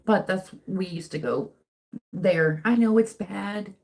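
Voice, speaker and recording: A woman's voice: medium pitch, takes it slowly, gravelly, a little mellow. A young woman hosting a casual livestream, chatting in a rambling, self-interrupting way while she crafts at home. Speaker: livestream host. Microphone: phone mic.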